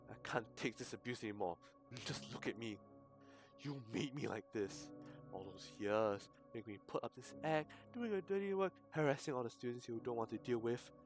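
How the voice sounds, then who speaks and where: A man's voice: medium pitch, animated, moderate pace, music in the background, lightly acted. A man voicing a distraught young woman breaking down, with a pleading, strained delivery.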